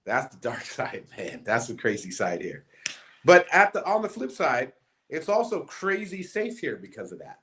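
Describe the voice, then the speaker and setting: Man telling a story with animated quotes. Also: mid-range voice, moderate pace. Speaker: guest. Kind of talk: casual storytelling chat.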